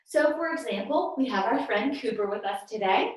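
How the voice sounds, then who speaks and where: A young woman guides kids through a yoga class in an upbeat, encouraging, sing-song voice that swoops up and down. She sits a bit above the usual pitch. Her voice rings around a very echoey room and sounds a little off-mic. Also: big pitch swings, moderate pace, far from the mic. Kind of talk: guiding a children's movement lesson. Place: room at home.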